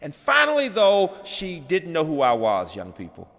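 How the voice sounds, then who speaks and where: A middle-aged man giving a dedication speech, telling a personal story and moving from hushed to loud and animated. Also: fairly high pitch, moderate pace. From Birmingham, Alabama. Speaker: college president, plenary speaker. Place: large chapel. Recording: long hall reverb.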